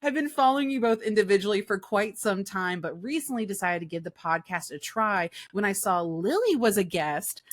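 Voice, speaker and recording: A woman's voice: medium pitch, lively intonation, fairly quick, hardly any pauses, no echo. A woman, co-hosting a casual podcast, chatty and rambling as she reads out fan messages. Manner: chatty, rambling, self-deprecating. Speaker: podcast co-host.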